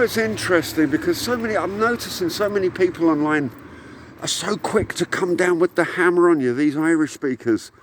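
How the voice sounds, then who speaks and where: A man's voice: a little high, a little hiss or hum. A man in his sixties from England, a rock musician delivering a heated, rambling monologue to camera with frequent hesitations. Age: 60s.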